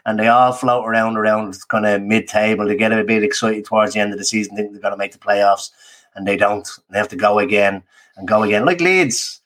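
Male co-host, lowish voice, easygoing, hesitant starts. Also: brisk, a bit bright. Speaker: podcast co-host. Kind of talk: casual football chat.

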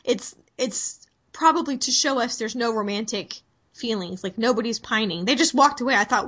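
Podcast co-host, woman, wry casual recapper with a slightly high voice who acts out lines. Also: normal speed, fairly bright tone. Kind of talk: casual movie recap chat.

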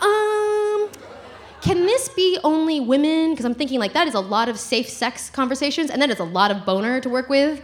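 A woman's voice: high voice, fast, a little hiss or hum. A woman telling a comic personal story live, giggling and acting out the voices of others. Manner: animated, giggly, acts out quotes.

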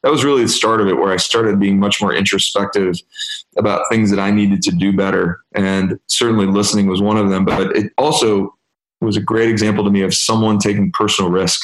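A man's voice: fairly low pitch, a little fast. Man in his fifties telling candid stories. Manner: candid, animated storyteller. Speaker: guest. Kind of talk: storytelling interview answer. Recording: echoey room.

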